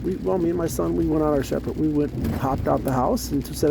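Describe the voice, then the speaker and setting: A man's voice: fairly high pitch, quick pace, vocal fry, background noise. A man telling a rambling, profane personal story in a casual vlog, full of fillers and restarts.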